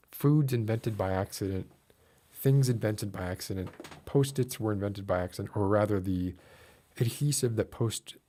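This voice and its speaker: Dude ranting at his stream chat, kinda husky, voice jumps up when he gets worked up. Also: lowish voice, dark tone. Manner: rants with mock outrage, voice rising when worked up. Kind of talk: casual chat with a live audience.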